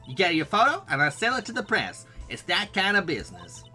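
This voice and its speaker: A man voicing an excitable, boastful young woman photographer in a game. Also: sits high, a little fast, faint music behind, pitched above the performer's own voice, full character voice. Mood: excited boasting.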